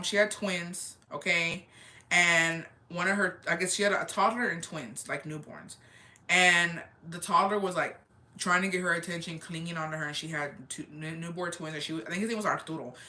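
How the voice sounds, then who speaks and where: On the lower side, bright and forceful, with fairly even intonation, a young woman talks fairly quickly. Hosting a livestream, she casually answers viewer comments, candid and emphatic, repeating phrases, swearing freely, and dropping Spanish phrases.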